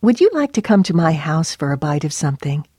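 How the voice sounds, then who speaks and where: A woman's voice: low voice, big pitch swings, a little fast, warm tone, breathy edge, no echo, studio quality, exaggerated voice. A woman voicing a nervous housewife who stumbles over her words and hurries along. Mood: eager.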